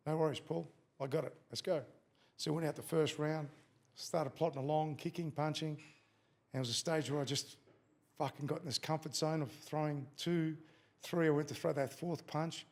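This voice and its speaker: Telling a casual story during a podcast interview, a middle-aged Australian man who used to fight swears freely and acts out the quotes. His voice is fairly high with fairly even intonation, at a normal speed.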